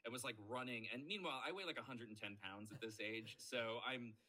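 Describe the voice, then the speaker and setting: A man, a voice actor, guesting on a podcast and telling a self-deprecating story in a lively, animated way. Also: medium pitch, a little fast, rough recording. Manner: lively, self-deprecating storyteller who acts out quoted lines.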